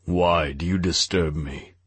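A man voicing a cruel ancient archangel who speaks slowly, with cold disdain. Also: deep voice, steady tone, fairly bright tone, slightly rough, dry recording, heavily acted. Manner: slow, measured, disdainful.

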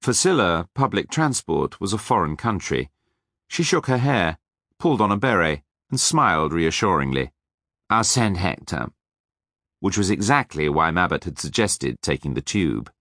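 Male narrator, low gravelly voice, lively, wry, dry studio sound. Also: moderate pace, dry recording. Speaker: audiobook narrator. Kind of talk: scripted narration.

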